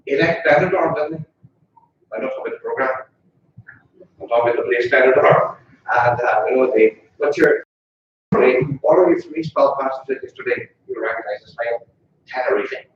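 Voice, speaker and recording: A man with a Northern Irish accent gives a relaxed, joking funeral eulogy in a funeral parlour chapel, throwing questions back to the mourners. His mid-pitched voice is caught from a distance, so it sounds far from the mic and muffled. The room around him echoes heavily. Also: normal speed, a little hiss or hum. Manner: chatty and jokey, asking the mourners questions. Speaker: funeral officiant.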